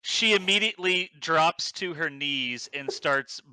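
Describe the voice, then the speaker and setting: A game master narrating a tabletop game, playful and quick to laugh. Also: mid-range voice, pushed and bright, smooth. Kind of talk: tabletop role-play narration.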